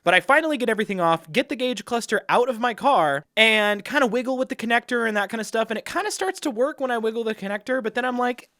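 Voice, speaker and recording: A man vlogging, telling a story casually, animated and self-deprecating. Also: extremely high pitch, quick pace, few pauses, no room sound, studio quality.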